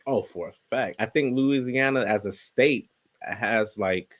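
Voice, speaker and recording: A man's voice: on the low side, a little slow. Laid back guy on a sports podcast, agrees a lot, says he could be wrong. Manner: easygoing, agreeable, hedges his claims. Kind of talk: casual sports chat.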